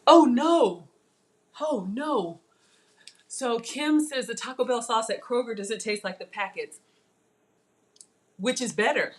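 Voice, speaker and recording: A woman hosts a live cooking class and chats warmly with her viewers as she works. Her voice sits fairly high, and she is playful and teases herself. She talks in a lively, animated way. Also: a little slow, pauses often. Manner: chatty and animated, talking to viewers while cooking; playful, self-teasing. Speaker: cooking livestream host. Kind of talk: chatty live cooking demo.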